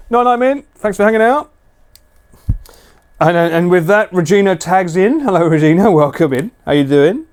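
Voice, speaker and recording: Casual male streamer at home, mellow tone, very lively pitch, coos in dog baby talk. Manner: slips into high sing-song baby talk for a dog. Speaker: live streamer. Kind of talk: casual live-stream chat. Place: at home late at night.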